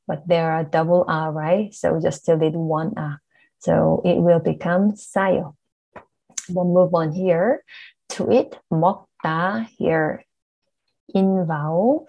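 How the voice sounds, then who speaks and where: A woman's voice: lowish voice, vocal fry, mellow, poor audio. A woman teaching a grammar lesson, patiently explaining step by step and checking in with the learners. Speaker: Korean language teacher.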